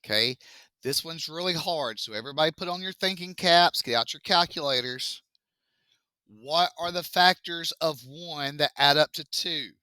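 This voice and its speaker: A man's voice: a little high, normal speed, pushed and bright, smooth, no room sound. A man teaching a math class, joking and talking back to his students.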